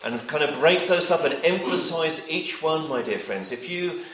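A man preaching a sermon, reading scripture aloud and repeating his points, often letting his phrases drop to a quiet close. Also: fairly high pitch, expressive, normal speed, reverberant, rough recording.

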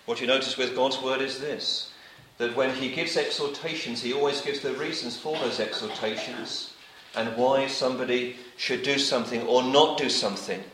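A man preaching to a congregation, reading old scripture wording and then pressing each point home by repeating it. His voice is bright and clear, and it rings through an echoey church hall. His phrases often sink to a soft, quiet finish. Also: mid-range voice, fairly even intonation, normal speed, hardly any pauses, slight background noise. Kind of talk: sermon.

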